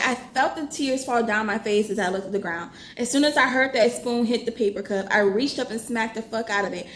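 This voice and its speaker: A woman, chatting casually in a reading vlog, reading passages aloud and reacting with swearing and exclamations. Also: fairly high pitch. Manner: animated, swears freely, bursts of laughter and exclamation. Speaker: book vlogger. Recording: echoey room with faint background noise.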